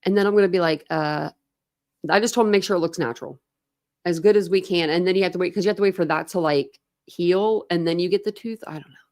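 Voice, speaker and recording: A woman's voice: on the low side, fast, darkish tone. A woman hosting a true crime livestream from home, chatting loosely with her viewers and rambling between topics with laughs and fillers. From United States. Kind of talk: casual livestream chat with viewers. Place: home room. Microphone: desk camera setup.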